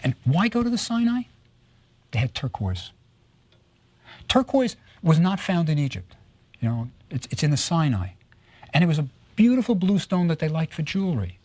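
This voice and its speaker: A man giving a recorded lecture on Egyptology, telling stories with lively rhetorical questions and frequent tag questions. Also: fairly high pitch, moderate pace, pauses often, no echo. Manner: animated storytelling with rhetorical questions; tags statements with "right?".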